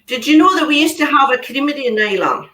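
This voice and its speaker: A woman's voice: high voice, expressive, fast talker, bright, forceful tone. A woman hosting an online whisky dinner in a chatty way, with laughs and half-finished sentences. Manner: chatty, laughs often, trails off mid-sentence. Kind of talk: casual tasting demonstration. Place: home, on a video call. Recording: echoey room, distant mic, faint noise.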